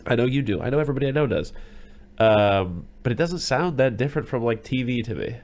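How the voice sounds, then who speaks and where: A man co-hosting a casual podcast, telling rambling stories in quick bursts. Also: medium pitch, animated, a little mellow. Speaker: podcast co-host.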